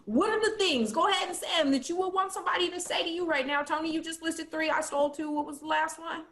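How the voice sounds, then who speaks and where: A woman moderating a panel discussion over a video call, encouraging and lively. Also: extremely high pitch, quick pace.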